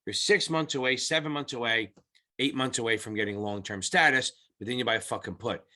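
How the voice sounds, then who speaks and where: A middle-aged male tutor walks through exam material in a loose, unscripted way, blunt and salty with his language. His voice is bright and forceful, and he keeps circling back to restate his points. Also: mid-range voice, fairly quick. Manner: blunt, profane, rambling explanations. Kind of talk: casual whiteboard lesson.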